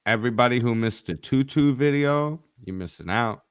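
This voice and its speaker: A man's voice: medium pitch, normal speed, clean tone, dry recording, studio quality. A man co-hosting a live online show, talking in a brash, profane, teasing way. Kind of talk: casual live-stream chat.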